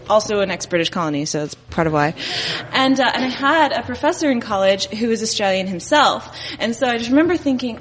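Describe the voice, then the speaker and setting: A woman's voice: a little high, expressive, a little fast, fairly bright tone, slight background noise. A woman from Dallas telling stories on stage, playful and laughing often. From Dallas, Texas. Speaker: storyteller on stage. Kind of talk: live stand-up storytelling. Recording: live hall with long reverb.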